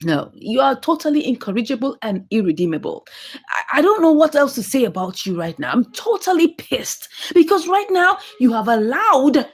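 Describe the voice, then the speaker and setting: A woman recapping a drama film for viewers, scolding the characters in animated, exclamatory commentary. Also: high voice, moderate pace, breathy edge. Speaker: movie reviewer.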